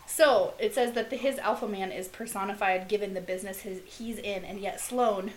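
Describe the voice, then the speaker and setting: A woman's voice: medium pitch, steady tone, poor audio. A woman co-hosting a podcast, chatting casually and gushing, reading book blurbs aloud. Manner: gushing, reads blurbs aloud with dramatic pauses. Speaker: podcast co-host. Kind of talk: casual chat.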